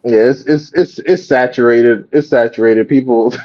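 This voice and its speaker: A man hosting a live reaction stream, talking casually and profanely in an animated rant. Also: medium pitch, moderate pace, muffled recording. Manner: animated, profane, mocks others in quoted voices. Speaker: host.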